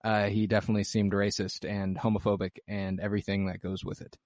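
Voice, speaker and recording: A young man talks through a film in a loose co-host chat, his voice sitting a little low. He rambles, swears freely and leans on fillers, recorded close and dry with no room sound. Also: fast talker, no room sound. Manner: relaxed, rambling, profane, filler-heavy. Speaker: podcast co-host. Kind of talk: casual movie-review chat.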